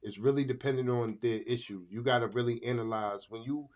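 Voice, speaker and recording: A man's voice: mid-range voice, fairly even intonation, fairly quick. A man co-hosting a casual podcast chat, emphatic, repeating phrases as he works out his point. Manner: emphatic, repeats himself while working out a point. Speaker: podcast co-host.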